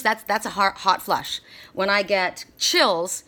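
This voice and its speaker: A woman reads oracle cards for her viewers in an earnest, encouraging way, circling back to repeat her words for emphasis. Her voice is bright and clear, and her pitch sits in an ordinary middle range. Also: slow pace. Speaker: oracle card reader. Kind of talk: spiritual card reading.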